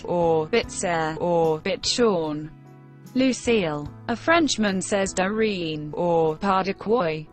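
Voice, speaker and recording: Woman reader for a language-lesson recording, very slow and deliberate, mid-pitched, faint music under the voice. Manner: measured, careful dictation pace. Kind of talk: slow textbook reading for learners.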